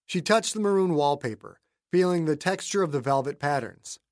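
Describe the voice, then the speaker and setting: Male audiobook narrator, slightly high voice, measured, dry close mic. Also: expressive, no room sound. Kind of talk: scripted narration.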